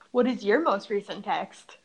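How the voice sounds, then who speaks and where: A woman's voice: medium pitch, expressive, slow pace, vocal fry, breathy edge. A young woman chatting casually on a podcast, telling stories with lots of "like"s and frequent laughs. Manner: giggly, chatty storytelling with many "like"s.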